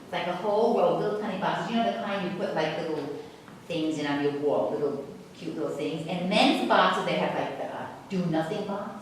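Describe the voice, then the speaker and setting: A woman's voice: low-pitched, brisk, slight background noise, natural voice. A woman doing a brassy old New Jersey great-aunt. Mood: flirty, bossy. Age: older. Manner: brassy, teasing, flirts with the crowd. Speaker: comedic character. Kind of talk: stand-up character comedy. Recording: echoey hall from far off with audience. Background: live audience.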